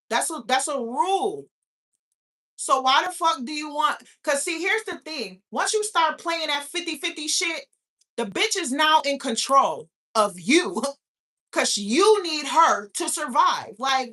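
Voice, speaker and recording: A woman's voice: high voice, bright, forceful tone. A woman hosting a live stream, ranting in a profane, incredulous way and firing off rhetorical questions. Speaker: host of a live talk stream. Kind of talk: casual live-stream rant.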